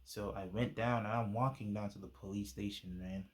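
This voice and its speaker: A man's voice: on the low side, fairly even intonation, brisk. A young man casually telling a personal testimony, using laid-back slang and plenty of fillers. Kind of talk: casual storytelling.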